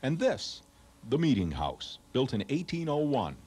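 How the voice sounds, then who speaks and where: Man, New England accent, enthusiastic tour host, husky, lively pitch, faint music. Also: unhurried. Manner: enthusiastic, exclaiming. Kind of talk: travel show presenting. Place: outdoors on location.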